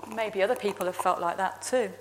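A woman minister speaks in a measured, expressive way as she leads prayer and tells a Bible story. Her voice sits at a middle pitch for a woman. Her words ring out with a long reverb through a large church. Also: a little hiss or hum. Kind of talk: sermon with prayer and children's story.

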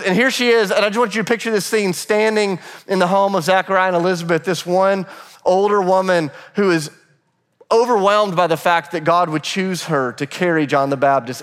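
A man pastor giving a sermon, telling the story with animated, conversational energy and briefly acting out quoted voices. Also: fairly high pitch, long reverb tail. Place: church sanctuary.

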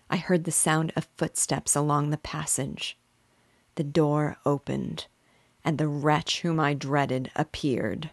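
A woman reads a classic novel aloud at an unhurried pace, with a low, even voice. She sounds close to the mic, and the recording is dry. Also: no room sound. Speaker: host reading a novel aloud.

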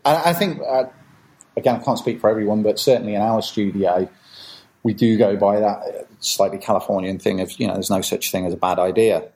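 A man's voice: lowish voice, fairly quick, rough recording. A man, a podcast guest talking casually and acting out quoted reactions in playful voices. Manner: animated, acts out quoted reactions with jokey voices. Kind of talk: casual conversational interview.

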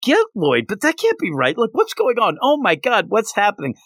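A flustered, lovestruck little girl, rattling off her worries in a rushed, exaggerated way, as a man reads her lines aloud. The delivery swoops up and down with lively pitch. It sounds dry and close, with no room around it. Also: dry recording. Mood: panicked. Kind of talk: podcast manga recap.

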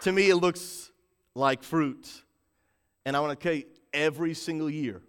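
A man preaching to a livestream church audience, building hype and calling on the chat to respond, swinging from loud bursts to low, intent emphasis. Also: moderate pace, smooth, in a large hall. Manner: rises to shouting in bursts, drops low to stress points. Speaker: pastor.

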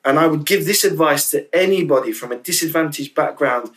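A man's voice: on the high side, a little fast, a bit bright, far from the mic, low-quality recording. A man speaking as a podcast guest, candid and emotional, often restarting and repeating words as he talks. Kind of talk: casual interview chat.

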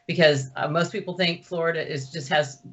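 A woman's voice: steady tone, brisk. A woman activist being interviewed over a video call, earnestly laying out her group's plan. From United States. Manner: earnest, pitching an organized plan. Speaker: guest activist. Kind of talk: remote interview. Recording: dull video call audio.

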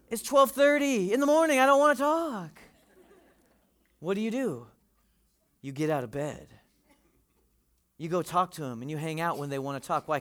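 Pastor, forties, male; high voice, animated and conversational preaching. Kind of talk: sermon.

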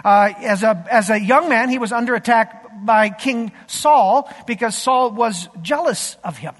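A man preaching a sermon as pastor, emphatic, with his voice dropping soft at the ends of phrases. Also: very high-pitched, a little slow, long reverb tail.

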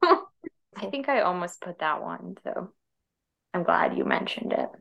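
A woman's voice: lowish voice, animated, measured pace, creaky, a bit bright. A woman co-hosting a podcast, chatting casually about films in an easygoing, hedging way with frequent laughs. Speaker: podcast co-host. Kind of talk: casual film chat. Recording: dull lo-fi audio.

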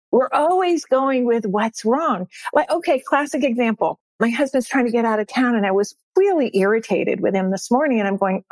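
A woman's voice: on the high side, normal speed, few pauses, a little mellow, dry recording. A woman in her sixties, a success coach and podcast guest, talking upbeat and emphatic, often repeating her key phrases. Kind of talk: podcast interview.

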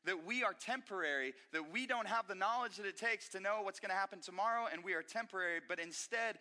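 A male pastor preaching a sermon in an animated, emphatic way, often restarting his phrases. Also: high-pitched, fast. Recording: echoey hall reverb.

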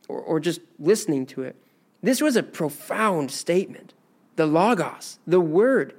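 Slow, deliberate male Bible teacher. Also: sits high, darkish tone. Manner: slow, deliberate reading with frequent restarts. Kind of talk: Bible lesson, reading and explaining scripture.

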